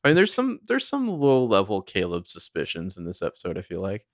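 A man's voice: deep voice, wildly swooping pitch, fairly quick, no echo, studio quality. A man co-hosting a casual podcast, retelling a TV episode scene by scene and dropping into the characters' lines as he goes. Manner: narrates scenes and acts out character lines in a loose, chatty way. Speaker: podcast co-host recapping a TV episode. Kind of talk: casual recap chat.

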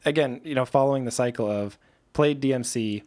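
A man's voice: medium pitch, a little fast, a little mellow. Easygoing rambling male podcast co-host. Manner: easygoing, rambling, many fillers. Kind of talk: casual chat.

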